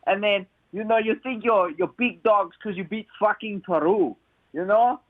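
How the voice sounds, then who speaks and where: A man's voice: high voice, no room sound. A man doing a put-on Italian accent, playing a brash, swearing football fan who rants with lots of "you know". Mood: ranting. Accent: mock Italian, put on. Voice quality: sweary ranting with halting "you know" fillers. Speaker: caller. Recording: phone-line voice message.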